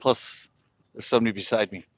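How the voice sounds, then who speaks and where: This lakeside fishing livestream is hosted by a man with a lowish, fairly even voice and a brisk delivery. He chats loosely into his phone as he fishes, laughing a lot, and the audio carries no room sound.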